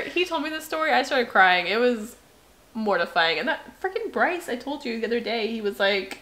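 A woman co-hosting a casual podcast, telling quick anecdotes with laughter and quoting others. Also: a little high, expressive, bright, forceful tone. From Florida. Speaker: podcast co-host. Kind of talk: casual chat.

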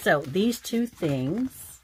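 Low-voiced chatty woman. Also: expressive, very slow, husky. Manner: chatty, rambling, many fillers and restarts. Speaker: crafting channel host. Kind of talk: casual craft show-and-tell.

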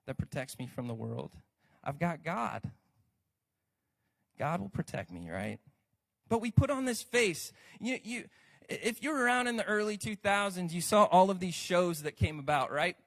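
Brief: American male pastor, high voice, lively conversational sermon delivery. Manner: lively, conversational preaching with asides to the congregation.

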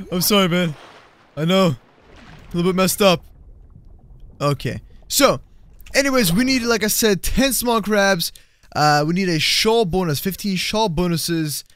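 A man giving excited, chatty commentary over a mobile game, with frequent exclamations and laughs, and faint game music behind him. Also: a little high. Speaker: gaming channel host.

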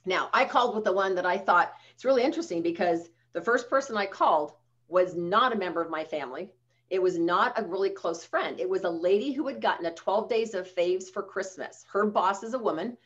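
A woman's voice: mid-range voice, a little fast, fairly bright tone, highs cut off. A woman sales trainer giving a chatty coaching talk over a video call, telling stories with quoted dialogue.

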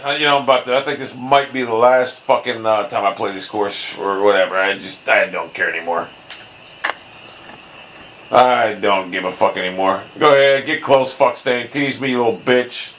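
Male gamer, hot-tempered, bright edgy tone, swears and shouts at the game nonstop. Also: medium pitch, moderate pace, a little hiss or hum, rough recording. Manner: furious, swearing constantly, yelling at the game. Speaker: gaming commentator. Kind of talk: raging gameplay commentary.

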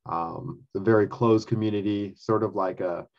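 Low, hesitant man with lo-fi sound. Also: fairly even intonation, normal speed, vocal fry, darkish tone. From US Pacific Northwest. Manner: hesitant, many ums. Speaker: co-host. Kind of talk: casual discussion.

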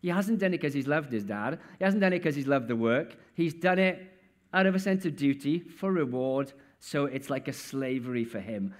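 A man's voice: medium pitch, expressive, normal speed. A man preaching a sermon in a church in a conversational way, often putting questions straight to his listeners.

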